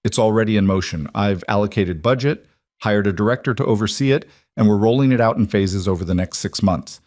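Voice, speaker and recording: A calm, businesslike woman boss, steady and sure of herself, as a man reads her part in a storybook. The voice sits fairly low for her. It sounds very close and dry, with no room around it. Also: no room sound, natural voice. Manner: measured, direct and reassuring. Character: composed female executive making a job offer.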